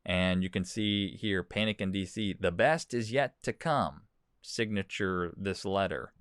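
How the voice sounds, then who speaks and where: Low-voiced man in dry commentary. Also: measured pace, fairly bright tone, smooth, dry recording. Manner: casual, repeats words, fillers, reads quotes aloud. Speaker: host. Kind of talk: commentary on news and social posts.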